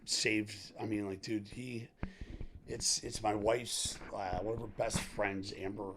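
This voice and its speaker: A middle-aged man, a podcast guest, telling a candid story in a rambling, animated way, acting out the lines of the people in it. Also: fairly low pitch, takes it slowly, background noise. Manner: animated, rambling, acts out quoted dialogue, laughs often.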